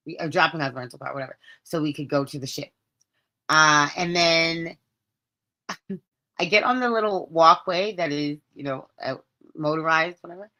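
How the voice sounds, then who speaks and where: A woman hosting her podcast, telling a story in a casual, animated and dramatic way, often laughing and using chatty slang. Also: low-pitched, normal speed. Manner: chatty slang, addresses listeners as babes. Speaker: podcast host.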